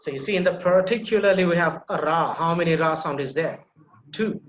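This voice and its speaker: A man's voice: fairly high pitch, brisk, dull audio, slight background noise. A man teaching a pronunciation class, breaking words into sounds syllable by syllable and repeating them for learners to copy. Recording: echoey room.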